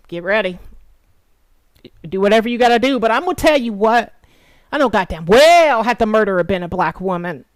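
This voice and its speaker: A woman delivering an angry, profane vlog monologue, swinging from low mutters to shouted taunts. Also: no echo. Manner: sarcastic taunting, emphatic repetition. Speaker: political commentary vlogger.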